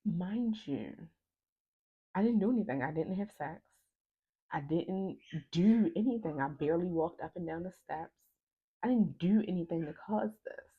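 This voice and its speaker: A woman's voice: lowish voice, lively intonation, normal speed, husky, phone-quality sound. A young woman vlogger emotionally retelling a personal story, acting out the lines of the people in it. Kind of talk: casual storytime vlog.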